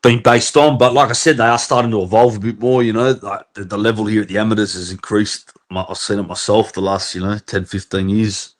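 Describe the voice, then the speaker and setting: A man's voice: fairly low pitch, steady tone, brisk, hardly any pauses. An Australian man on a casual boxing livestream panel over a video call, laid-back and agreeable, with profane slang. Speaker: guest panelist.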